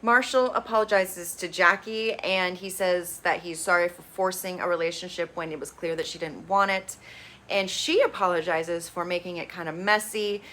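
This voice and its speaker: A woman's voice: on the low side, steady tone, normal speed, fairly bright tone. A woman casually recapping reality TV episodes, blunt and sarcastic, swearing freely. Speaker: reality TV reviewer.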